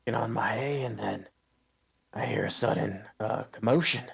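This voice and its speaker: A man's voice: fairly low pitch, normal speed, gravelly, a crowd in the background. A man voicing a blind old male farmer who is flustered and suspicious, in a quavering, stammering voice.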